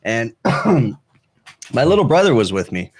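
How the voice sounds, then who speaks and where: A man co-hosting a casual talk show, telling a funny story with animated, laughing delivery. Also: medium pitch, takes it slowly, breathy edge, dry recording. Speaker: podcast co-host.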